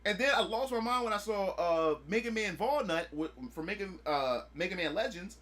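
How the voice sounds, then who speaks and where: Bright-voiced, excitable male streamer. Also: sits high, normal speed. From United States. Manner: excitable, swears freely, acts out his own past reactions. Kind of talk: casual chat on a live stream.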